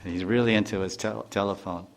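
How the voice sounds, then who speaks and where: A man's voice: on the low side, fairly even intonation, quick pace, vocal fry, a little hiss or hum. An older man, a spiritual teacher, giving a devotional lecture in a loose, conversational way with many asides and restarts.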